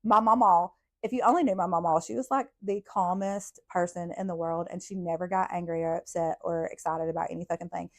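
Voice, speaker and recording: A woman, a podcast host telling childhood stories in a blunt, profane, animated way. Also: lowish voice, fairly quick. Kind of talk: casual storytelling.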